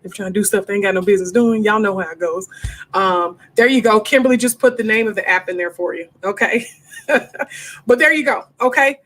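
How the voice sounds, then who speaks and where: A woman's voice: mid-range voice, brisk, fairly bright tone. A woman hosting a homeschooling live Q&A from her desk at home, talking frankly and casually and calling her viewers y'all. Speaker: homeschool livestream host. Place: home desk during livestream.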